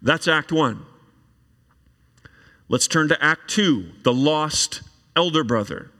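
A man preaching a sermon, reading scripture aloud and then explaining it in an animated way. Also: on the high side, slow pace. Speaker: pastor. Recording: long reverb of a large hall.

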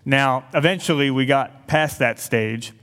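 A man's voice: medium pitch, unhurried, fairly bright tone, slight background noise. Earnest man preaching in a reverberant hall. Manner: earnest, with light humorous asides. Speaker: speaker to an audience. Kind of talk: sermon with personal storytelling.

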